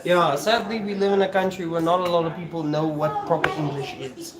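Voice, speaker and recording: A man's voice: a little high, steady tone, a little fast, echoey room, crowd noise. A man from South Africa chatting casually on a livestream while he cooks in his kitchen, swearing freely as he talks. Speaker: streamer cooking.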